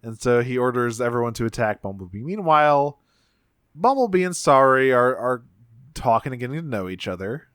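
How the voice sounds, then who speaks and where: A man's voice: medium pitch, lively intonation, brisk, fairly bright tone, smooth, no room sound, studio quality. A man co-hosting a podcast, casually recapping a cartoon episode, swearing freely and acting out bits of dialogue with lots of fillers. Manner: laid-back, swears freely, many fillers, acts out lines. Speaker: podcast co-host.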